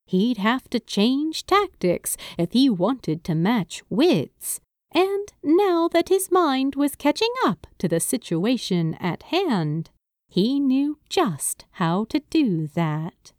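A woman reading a story aloud at an unhurried pace, her pitch rising and falling freely. The sound is dry and close, with no room around it. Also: very animated, a little mellow, dry recording. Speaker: narrator. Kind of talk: audiobook narration of fan fiction.

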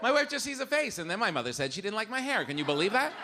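A middle-aged man performing a live stand-up routine, animated, acting out the voices of his family. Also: high-pitched, rapid-fire. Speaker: stand-up comedian. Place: comedy club stage. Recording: live club with audible room noise.

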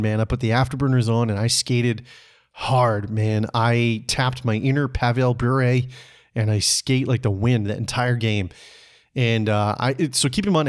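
A man from Canada telling a personal story on his podcast in a relaxed, conversational way, chuckling often and swearing casually. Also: medium pitch. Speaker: podcast host.

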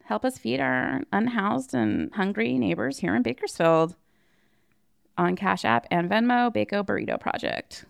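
A woman co-hosting a podcast in loose, casual chat, slow and unhurried. Her pitch rises and falls freely as she giggles through crude jokes. The recording is close and dry. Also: sing-song, gravelly, clear, resonant tone, no room sound. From California. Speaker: podcast co-host.

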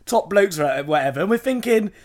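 Young bloke, fairly high voice, animated anecdote with laughs. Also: male voice, fairly quick. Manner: animated, laughing storyteller, acts out quotes. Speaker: podcast co-host. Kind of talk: casual storytelling chat.

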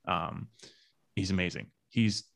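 Man, podcast co-host, casual chat, low voice, lots of ums and restarts, dry room. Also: takes it slowly, vocal fry, fairly bright tone, dry recording. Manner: rambling, many fillers and restarts.

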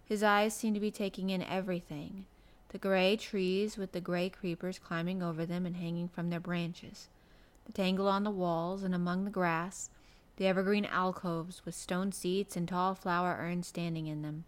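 Soft-spoken woman reading a storybook. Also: on the low side, flat delivery, moderate pace. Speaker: audiobook narrator. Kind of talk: storybook narration.

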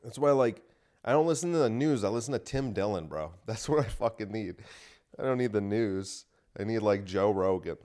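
A man delivers a casual solo podcast monologue, ranting bluntly and swearing freely. His voice sits on the low side. He records alone in a home gym room. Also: expressive, normal speed, darkish tone. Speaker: comedian podcast host.

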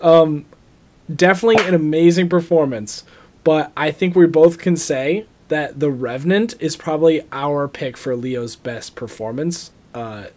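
A man's voice: on the high side, a little slow, a little mellow. A young man co-hosting a casual movie podcast, rambling and trailing off as he talks. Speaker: podcast co-host.

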